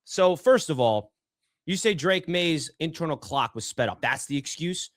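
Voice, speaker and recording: A man's voice: fairly high pitch, normal speed, no echo, studio quality. A man on a sports panel arguing his football takes, mocking and pushy. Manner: argumentative, mocking, animated. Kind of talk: heated sports debate.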